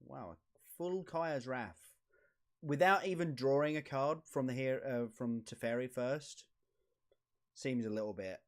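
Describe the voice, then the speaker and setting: A man streaming a card game, muttering commentary to himself with sudden excited outbursts. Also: medium pitch, unhurried. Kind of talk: casual gameplay commentary.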